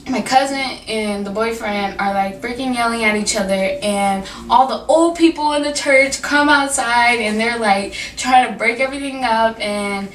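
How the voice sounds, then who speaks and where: A woman's voice: on the high side, normal speed, hardly any pauses. Teen girl telling a story, echoey. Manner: animated, lots of fillers and quoted dialogue. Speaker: vlogger. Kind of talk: casual storytime. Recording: echoey room from a distance, faint noise.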